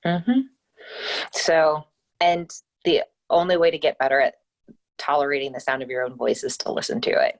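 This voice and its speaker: A woman with a low, grounded voice talks as a podcast guest on a remote call. She coaches listeners on their speaking, upbeat and emphatic, and leans on key words as she explains. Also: normal speed. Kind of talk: casual interview chat.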